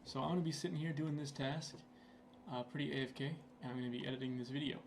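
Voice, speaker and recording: Vocal fry runs through this young man's mid-range voice as he speaks at a quick pace with fairly even intonation. Hosting a gaming channel, he gives relaxed, rambling commentary over his gameplay at his computer, full of fillers, with slight background noise.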